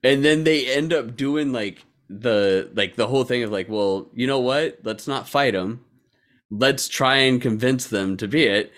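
A man's voice: mid-range voice, unhurried, a bit bright. A man hosting a casual podcast chat, laid-back, recapping with lots of filler words. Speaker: podcast host.

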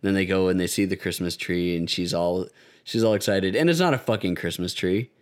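A man with a lowish voice chats casually about an anime episode, cursing freely and breaking into laughter. He retells scenes with lively put-on quotes. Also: brisk, clear, resonant tone. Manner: profane, laughing, animated retelling. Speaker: podcast co-host. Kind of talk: casual chat recapping an anime.

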